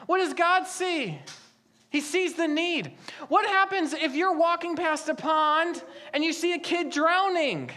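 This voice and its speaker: A woman's voice: high voice, unhurried, fairly bright tone. A young adult woman preaching a sermon as a pastor, asking the congregation a stream of rhetorical questions.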